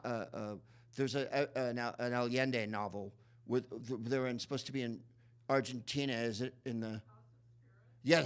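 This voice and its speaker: A man's voice: medium pitch, a bit bright. A man hosting a live film club in a cinema, who rambles sardonically and fills his talk with fillers and restarts. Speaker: host. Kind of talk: live comic film introduction.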